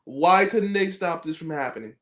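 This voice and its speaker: A man's voice: fairly high pitch, normal speed. A man from the US East Coast hosting a casual live stream, ranting and laughing often. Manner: animated ranting with frequent laughs.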